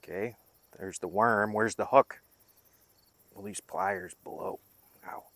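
A man's voice: on the low side, lively intonation, takes it slowly, vocal fry, a bit bright, dry recording. A young man hosting a fishing vlog, joking and rambling to his viewers while he fishes by a river at night. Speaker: fishing vlogger. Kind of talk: casual vlog narration.

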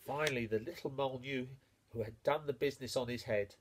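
A man reading a children's picture book aloud, expressive and playful with the sound words. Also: mid-range voice, fast. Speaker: storyteller.

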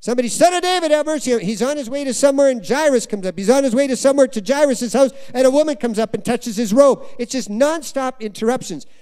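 Guest preacher, middle-aged man, mellow but high-pitched, storytelling sermon style. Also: fast, hardly any pauses. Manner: animated, asks the congregation questions. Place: church before a congregation.

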